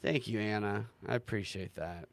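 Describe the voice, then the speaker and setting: A man's voice: lowish voice, normal speed, vocal fry, no echo. Man, livestream host, sarcastic, ranting, swears, dry close sound. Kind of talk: casual livestream commentary.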